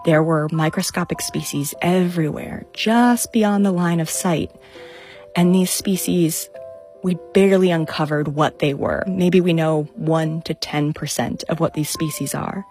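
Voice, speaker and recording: Woman scientist, young adult, low voice, enthusiastic storyteller, soft music under. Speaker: scientist telling her story. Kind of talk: storytelling talk.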